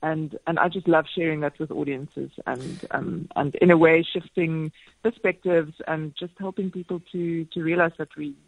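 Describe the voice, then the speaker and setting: A woman in her forties, a radio guest telling stories in a lively, self-deprecating way, laughing often. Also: low-pitched, moderate pace, vocal fry, no room sound, phone-quality sound. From South Africa. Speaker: marathon swimmer and speaker, radio guest. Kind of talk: casual radio interview chat. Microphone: phone line into radio studio.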